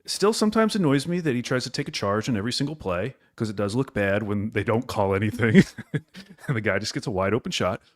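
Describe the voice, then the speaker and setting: A man co-hosting a podcast in casual sports chat, easygoing and quick to laugh. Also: fairly low pitch, lively intonation. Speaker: podcast co-host.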